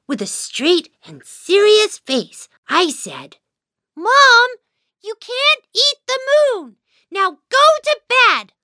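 High, sing-song little kid narrating a cartoon, slow and gentle, dry sound. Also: female voice, wildly swooping pitch, dry recording, exaggerated voice. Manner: gentle, patient storytelling. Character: sleepy, patient young child narrating. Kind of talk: children's cartoon storytelling.

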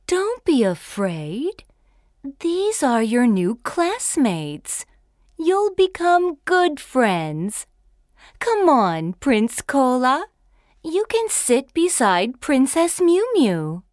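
A woman voicing a kind, patient schoolteacher in a cartoon, speaking in a gentle, reassuring way. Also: high voice, sing-song, drawn-out words, dry recording, studio quality, heavily acted. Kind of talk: cartoon voice acting.

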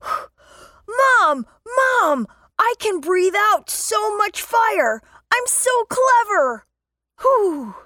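A woman's voice: very high-pitched, big pitch swings, extremely slow, bright, forceful tone, no echo, studio quality, full character voice. A woman voicing a timid young male dragon who cannot breathe fire, stammering and hesitant in a children's storybook. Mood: excited.

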